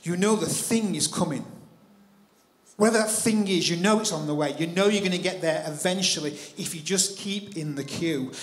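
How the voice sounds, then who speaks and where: A man preaching in church, telling a personal story with animated delivery and acting out his own thoughts. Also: sits high, moderate pace, roomy sound. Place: church hall.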